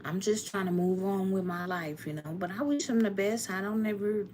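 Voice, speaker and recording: A woman's voice: medium pitch, moderate pace, darkish tone, slight background noise. A woman tarot reader speaking heartfelt and emotional on a live stream to her viewers, often laughing.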